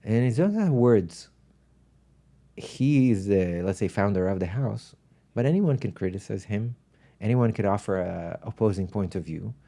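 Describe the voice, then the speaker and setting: Low, mellow-voiced male spiritual teacher. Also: lively intonation, moderate pace, vocal fry. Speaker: spiritual teacher, podcast guest. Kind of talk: reflective storytelling in conversation.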